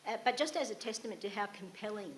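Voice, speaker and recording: A woman's voice: medium pitch, lively intonation, quick pace, slight background noise. A woman researcher in the audience asking an articulate, lightly amused question.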